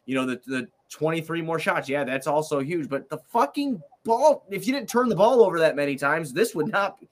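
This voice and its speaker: A man's voice: fairly high pitch, expressive, normal speed. A man hosting a casual sports podcast, frustrated, swearing freely and repeating himself as he talks the game over. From Italian heritage.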